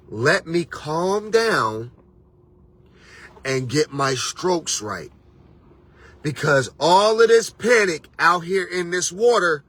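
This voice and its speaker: A man's voice: a little high, bright, forceful tone, slightly rough. A man hosting a motivational monologue, preachy and repetitive, with casual slang. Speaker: motivational host and life coach.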